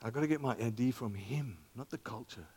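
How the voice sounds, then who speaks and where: Older male pastor in his sixties, conversational sermon, swings from loud to hushed. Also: mid-range voice, fairly quick, husky. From Zambia. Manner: animated and conversational, with dramatic volume swings down to near whispers.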